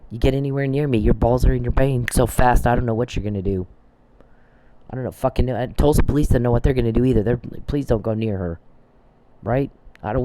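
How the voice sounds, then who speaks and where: Ranting angrily to camera, this Oklahoma-based online commentator has a warm, medium-pitched voice captured on a low-quality recording. His tone is mocking and profane, and he taunts the person he's addressing head-on.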